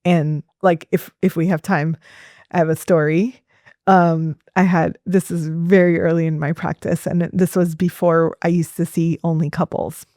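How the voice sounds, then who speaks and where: Woman doctor telling stories, lively. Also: on the low side, normal speed, dry recording, studio quality. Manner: lively, laughs often, many fillers like "like". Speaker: fertility doctor as podcast guest. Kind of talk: casual storytelling in an interview.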